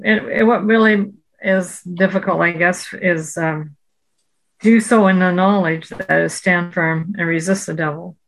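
A woman's voice: fairly low pitch, rough recording. A woman in a Bible study discussion, talking earnestly and reading scripture aloud with emphasis.

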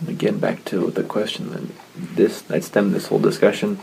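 A man in a Bible study who reads scripture aloud in a measured, solemn way. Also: on the low side, flat delivery, creaky, darkish tone, slight background noise, poor audio.

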